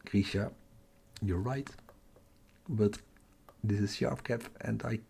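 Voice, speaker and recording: A middle-aged man hosting a night-time telescope livestream from home, half-whispering so he doesn't wake the house, muttering to himself over his capture software. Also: lowish voice, steady tone, takes it slowly, gravelly, slight background noise. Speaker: astrophotography livestream host. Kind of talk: live stream commentary, talking to chat.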